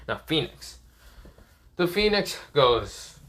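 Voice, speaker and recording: Man narrating a fan story off the cuff, bright voice, rambling with fillers and throat clearing. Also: mid-range voice, big pitch swings, moderate pace.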